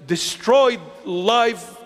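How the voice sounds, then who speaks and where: A man preaching a sermon as a bishop, slow and emphatic, asking rhetorical questions and swinging between hushed lines and loud ones. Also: high voice, long reverb tail, faint music behind.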